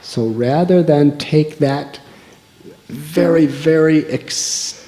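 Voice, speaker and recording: An American monk in his 60s gives a religious discourse, telling stories slowly and earnestly with long pauses. His voice is fairly high and mellow.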